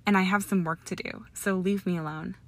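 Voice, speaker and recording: A woman voicing a defiant, haughty young witch with a crisp, indignant delivery in an audiobook reading. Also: medium pitch, fairly even intonation, a little fast, no room sound, close to an everyday voice. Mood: defiant, heated.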